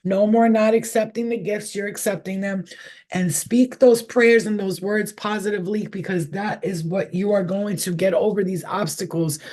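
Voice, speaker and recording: A woman's voice: mid-range voice, fairly even intonation, moderate pace, warm tone. A middle-aged woman giving a casual tarot reading on a livestream, talking candidly with plenty of swearing and rambling stories. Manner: profane, candid, rambling storyteller. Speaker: tarot reader. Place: indoors, in her room.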